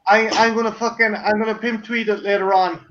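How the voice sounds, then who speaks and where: A man's voice: high voice, fairly even intonation, fairly quick, fairly bright tone, highs cut off. A man in a casual group video chat who swears freely and often restarts his words. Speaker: guest on a video call chat.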